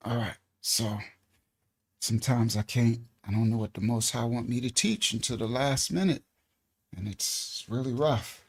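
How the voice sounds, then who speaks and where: Through a desk microphone on a live stream, a man teaches an informal Bible lesson in a loose, conversational manner. His medium-pitched, husky voice moves at a moderate pace, dotted with frequent laughs and "all right"s.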